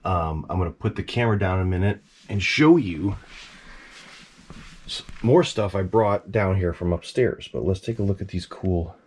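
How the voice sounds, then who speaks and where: A man's voice: sits low, moderate pace, a little hiss or hum. A middle-aged man casually chatting about his collection in a basement, rambling with plenty of "you know"s and fillers. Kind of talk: casual vlog chat. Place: basement room.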